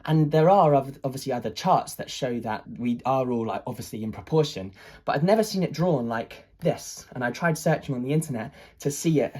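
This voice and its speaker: An artist telling an excited personal story, full of hesitations, restarts and fillers. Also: medium pitch, a little fast, breathy edge. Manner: excited, animated retelling.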